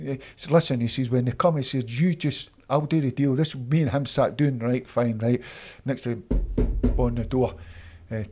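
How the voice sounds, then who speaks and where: A man's voice: medium pitch, normal speed. Older scottish guy spinning football yarns, acts out everybody's voices, chatty. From Scotland. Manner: animated anecdotes, acts out voices of others. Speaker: interview guest, former footballer. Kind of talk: casual storytelling.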